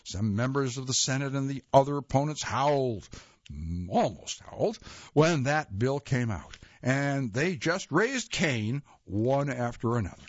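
A man reading a nonfiction history aloud in a measured way, with occasional slips and self-corrections. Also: mid-range voice, animated, dry recording. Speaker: reader. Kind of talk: read-aloud nonfiction narration. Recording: dull lo-fi dry recording.

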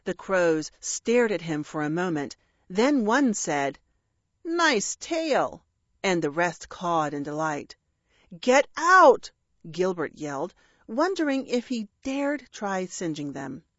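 A woman reads a story aloud at an unhurried, slow pace, with dry, wry timing. Her pitch moves in a lively way. The recording is dry, with a slightly dull, muffled tone. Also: no echo. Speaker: narrator. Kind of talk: audiobook narration.

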